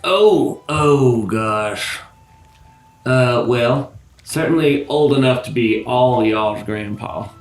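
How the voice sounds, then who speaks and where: A man playing a tabletop game, describing his character in a slow, dry, grumbling way. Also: mid-range voice, echoey room, soft background music. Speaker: player.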